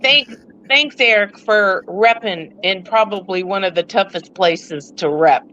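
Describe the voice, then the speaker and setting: A woman's voice: mid-range voice, a little slow, pushed and bright, slight background noise. A woman on a sports podcast panel, upbeat and laughing in casual chat. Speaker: panel co-host. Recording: dry, dull lo-fi audio.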